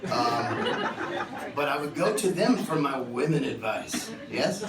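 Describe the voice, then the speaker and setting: Taking it slowly, a mid-range male voice delivers animated, joking stories onstage between concert songs, voicing the characters himself. A crowd can be heard, and the sound is distant and echoey.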